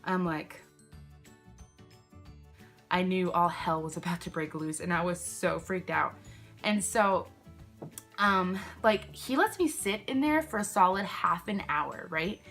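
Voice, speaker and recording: A woman's voice: fairly low pitch, measured pace, a bit bright, soft background music. A young woman telling a casual storytime at home, chatty and rambling, full of fillers and sidetracks, recorded on her own camera. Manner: rambling, chatty, many "like" fillers, self-interrupting. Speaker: vlogger. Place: indoors at home, candles nearby. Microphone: camera she films herself with.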